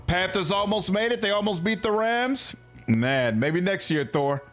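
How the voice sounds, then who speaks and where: Casual male game streamer, rambling, somewhat high voice. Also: lively intonation, measured pace, a bit bright, soft background music. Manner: loose, rambling, full of "like". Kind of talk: casual chat.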